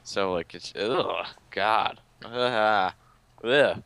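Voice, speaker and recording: A man's voice: fairly low pitch, extremely slow, creaky, a bit bright, smooth. A man co-hosting a podcast in casual chat, talking loosely, swearing and laughing readily. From United States. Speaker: podcast co-host.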